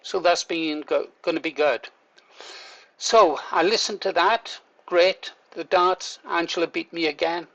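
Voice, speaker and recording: A man's voice: on the high side, fairly even intonation, unhurried, creaky, fairly bright tone, lo-fi sound. An older man, a vlogger, telling a story in a chatty way, laughing through it and swearing now and then. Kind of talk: casual storytelling to camera.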